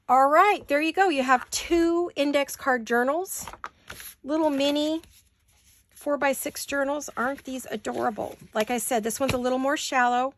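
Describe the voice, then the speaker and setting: A middle-aged woman with a high-pitched voice and a slight hiss or hum runs a craft tutorial from her home studio. She chats and mutters little asides to herself as she works, all while fighting the hiccups.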